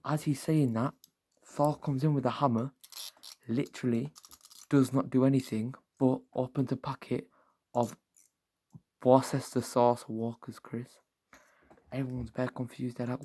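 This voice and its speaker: A man in an ASMR video, spinning a rambling nonsense tale in a soft-spoken voice. His pitch sits in a middle range for a man. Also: flat delivery, normal speed, pauses often. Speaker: ASMR creator.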